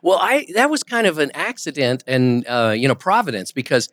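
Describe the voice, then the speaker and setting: Animated storytelling man, dry studio sound. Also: a little high, moderate pace, dry recording. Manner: animated storyteller, acts out quoted voices. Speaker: guest, ventriloquist and impressionist. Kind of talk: casual interview storytelling. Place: podcast studio.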